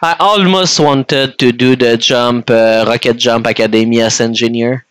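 A man's voice: mid-range voice, fairly even intonation, normal speed, a bit bright, smooth, dry recording. A man with a French Canadian accent giving rambling, chatty commentary while he plays a game and talks to his viewers. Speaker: gaming streamer. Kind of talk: casual gameplay commentary.

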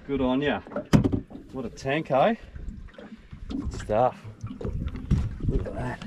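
A man's voice: medium pitch, slow, long pauses. An Australian man narrating a fishing trip from a small boat on a lake, casual and encouraging to his mate, swearing now and then. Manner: laid-back, encouraging, swears, calls his mate mate and bruz. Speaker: fishing vlogger and boat skipper. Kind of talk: excited casual commentary while fishing. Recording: outdoor recording with clear background noise.

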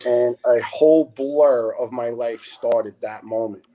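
A man's voice: mid-range voice, takes it slowly. A man in his fifties, a retired fire lieutenant, telling his story as a podcast guest in a blunt, earnest way and acting out the dialogue. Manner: animated, acts out quoted dialogue. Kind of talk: emotional first-person storytelling on a podcast.

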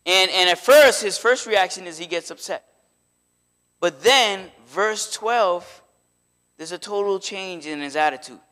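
A man preaching a sermon in a church, in a conversational, animated way that slips into acted quotes. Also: sits high, measured pace. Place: church sanctuary.

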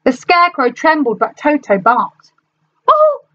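A woman teacher reads a storybook aloud to her class with an animated storyteller's delivery. Her fairly high voice moves through a wide, lively range. The sound is dull and lo-fi, like a home recording. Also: normal speed.

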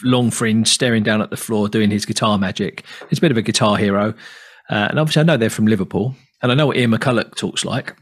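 A man's voice: lowish voice, fast talker, slightly rough. A British man co-hosting a podcast, talking in a chatty, rambling way and laughing easily. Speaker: podcast co-host. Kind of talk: casual chat.

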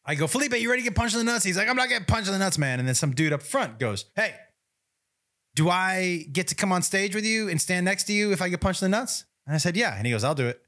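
A man co-hosting a podcast in a studio, telling a story in a casual, animated way and laughing often. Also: sits high, fast. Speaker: podcast co-host, comedian.

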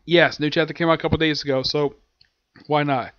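A young man casually recapping a comic chapter, excited and slipping into quick voices for the characters. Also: fairly high pitch, dry recording, dull audio. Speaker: anime and manga reviewer.

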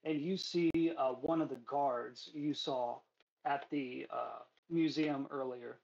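A man narrating a tabletop game as game master, relaxed and filler-heavy. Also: medium pitch, takes it slowly, creaky, dull audio.

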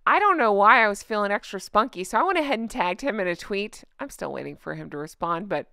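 A woman's voice: medium pitch, lively intonation, fast talker, creaky, bright, forceful tone, clean tone, dry recording, clean studio sound. A woman hosting a casual commentary vlog, sarcastic and giggly, often gushing. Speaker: host.

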